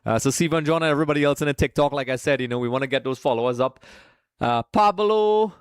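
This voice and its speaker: A man's voice: medium pitch, level tone, very fast, smooth, dry recording, clean studio sound. A man from Trinidad, hosting a live watch-along stream in a casual, chatty way, greeting viewers by name and calling them folks.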